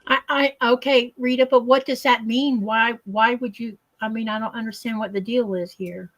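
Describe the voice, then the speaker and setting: A woman's voice: fairly high pitch, steady tone, normal speed, a bit bright. A woman with a slightly raised voice keeps asking puzzled questions in a casual chat. She sounds like she is on a video call.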